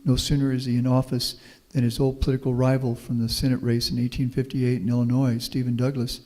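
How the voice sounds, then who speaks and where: Man from Houston, middle-aged, mellow dark voice, folksy storytelling talk, long hall reverb. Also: medium pitch, little pitch movement, fast. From Houston, Texas. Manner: folksy, anecdotal, optimistic. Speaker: guest speaker, professor. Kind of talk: public talk with Q&A.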